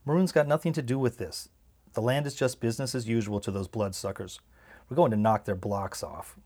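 A man's voice: mid-range voice, steady tone, brisk, darkish tone, lightly acted. A man reading the part of a stubborn retired grandfather who answers curtly. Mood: defiant. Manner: curt, gruff.

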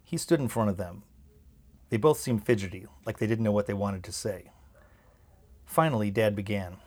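A man narrating an audiobook in a calm, measured way. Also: lowish voice.

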